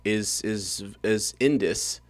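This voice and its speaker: A man's voice: lowish voice, slow, no echo. A man co-hosting a casual podcast chat about a book, laughing often and tripping over hard names. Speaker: podcast co-host.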